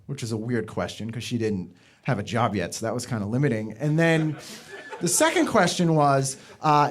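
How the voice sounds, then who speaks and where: Young comic from the Boston area, deadpan-ironic, lively pitch. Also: male voice, fairly quick. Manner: dry, ironic delivery with mocking high voices for quoted people. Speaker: stand-up comedian. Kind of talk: stand-up routine.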